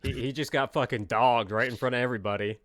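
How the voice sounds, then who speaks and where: A man's voice: medium pitch, steady tone, fast talker, a bit bright, dry recording, studio quality. A man who works as an electrician, co-hosting a podcast and telling stories in a plain-spoken, blunt way, swearing casually. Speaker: podcast co-host. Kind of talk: casual storytelling chat.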